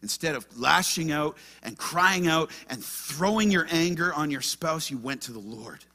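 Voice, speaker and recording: An earnest male pastor delivers a sermon, pressing his points with rhetorical questions. His voice sits high and rings bright and forceful. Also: expressive, a little slow.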